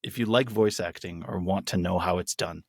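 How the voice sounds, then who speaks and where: A man's voice: sits low, fairly quick, no echo, studio quality. A man co-hosting a podcast, chatting casually and enthusiastically with many restarts. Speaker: podcast co-host. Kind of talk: casual chat.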